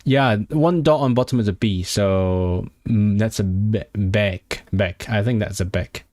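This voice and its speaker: A man's voice: fairly low pitch, unhurried, a little mellow, no room sound. A young man live-streaming his language study, chatting with viewers and sounding out foreign words with frequent restarts. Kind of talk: casual live-stream chat.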